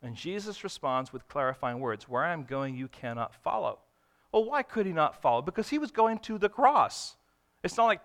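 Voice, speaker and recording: Male pastor, bright and forceful tone, fairly high voice, animated sermon delivery with folksy acted-out dialogue. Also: fairly quick. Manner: animated, swings from loud emphatic bursts to hushed tender lines; acts out quoted dialogue in a conversational, folksy way.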